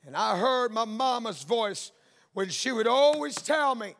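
A man preaching a sermon, full of amens and hallelujahs, building into shouted, sing-song exhortation. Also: very high voice, animated, measured pace, creaky, in a large hall.

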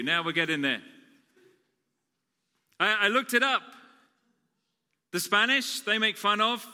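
A man preaches a sermon full of jokes, chatty and teasing, sometimes booming and sometimes dropping soft. His voice sits fairly high and sounds bright and sharp. It rings through the long reverb of a large church hall. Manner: chatty, joking, swings between loud and soft.

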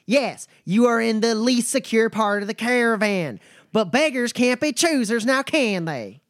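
A man voicing a gruff, drawling male caravan nomad with a folksy, blunt and wary way of talking. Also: very high voice, expressive, measured pace, no echo, studio quality, voice pushed up. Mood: testy.

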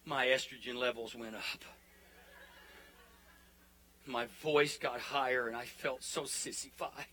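A man preaching a sermon as pastor, building to fervent declarations and dropping into soft, hushed prayer. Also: medium pitch, steady tone, a little slow, slight background noise, low-quality recording.

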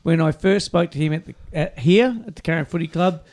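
A man's voice: fairly high pitch, brisk, darkish tone. A middle-aged Australian man co-hosting a casual radio chat, telling rambling stories and repeating himself. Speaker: radio show co-host. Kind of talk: casual banter.

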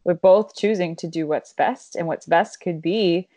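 Woman, 30s, podcast co-host, lowish voice, dry close sound, thoughtful and casually profane. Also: a little slow, dark tone, no room sound. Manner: reflective, explains with examples, swears casually. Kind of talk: casual chat.

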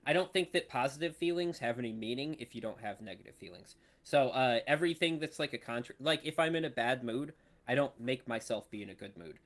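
A man's voice: medium pitch, animated, a little fast, a bit bright. A man co-hosting a casual podcast chat, talking earnestly and reflectively about his own feelings. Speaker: podcast co-host.

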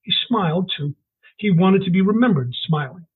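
A man, an author, reading the opening chapter of his novel aloud in a calm, measured voice. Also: high-pitched, husky. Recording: muffled phone-like call audio.

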